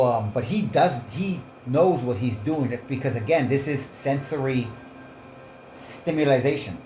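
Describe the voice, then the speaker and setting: A man talks in a loose, meandering way at a mid-range pitch, swearing freely and cutting himself off mid-thought. His voice carries a noticeable roomy echo, with a faint hum of ambience behind it. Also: a little mellow. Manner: meandering, profane, self-interrupting. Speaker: commentator reacting to clips. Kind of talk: rambling casual commentary.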